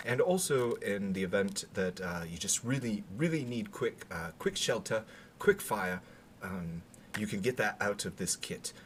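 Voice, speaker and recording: A man speaking in a put-on British accent, rambling through a casual gear walkthrough with halting fillers and dry asides. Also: on the low side, expressive, slight background noise. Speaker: gear demonstrator.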